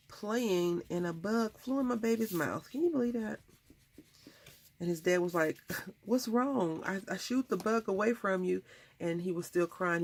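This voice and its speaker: She's an American craft channel host who chats loosely and drifts into stories while making things. Her voice is on the low side with vocal fry, and the recording carries slight background noise.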